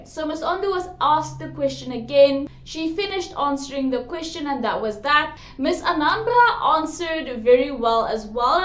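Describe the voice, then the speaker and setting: Chatty young woman from south africa reviewing a pageant, lots of "like" and "you know", roomy sound. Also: high voice. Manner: chatty, opinionated, many fillers. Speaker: pageant commentator. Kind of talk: casual video review.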